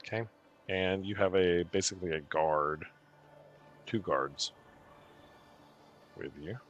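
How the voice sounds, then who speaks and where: A man's voice: low-pitched, slow, muffled recording, a little hiss or hum. A young man narrating a tabletop game as game master, rambling with many fillers.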